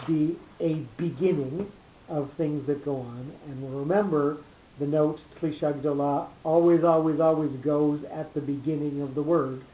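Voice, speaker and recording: A man teaching a small class at a measured, halting pace, circling back over his own words as he explains. His voice sits a little higher than most men's. The room is echoey and the recording is dull and lo-fi with a faint hiss. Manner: measured, halting, repeats words while thinking.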